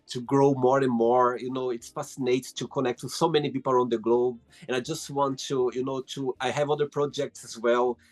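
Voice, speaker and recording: A man with a Brazilian accent, a native Portuguese speaker, hosting a casual video-call interview, enthusiastic and talkative, laughing often. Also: mid-range voice. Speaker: host.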